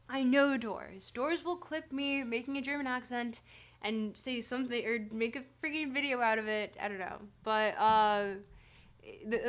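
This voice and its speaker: A woman's voice: a little high, a bit bright. A woman streamer reading philosophy aloud on a livestream in a put-on reading accent. She stumbles and corrects herself, then breaks off for playful, self-mocking asides to her chat.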